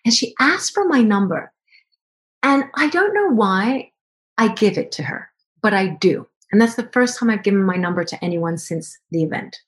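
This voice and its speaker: A woman guest on a podcast recounts a personal story in an animated way. She acts out remembered conversations, and her voice leaps up high when she quotes people. Her pitch sits in the middle for a woman. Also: normal speed.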